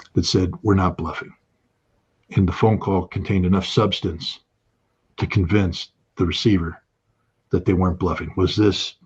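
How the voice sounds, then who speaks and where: A man's voice: low-pitched, darkish tone, slightly rough. A man giving impassioned political commentary, emphatic and rising to urgent outbursts. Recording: dull lo-fi sound.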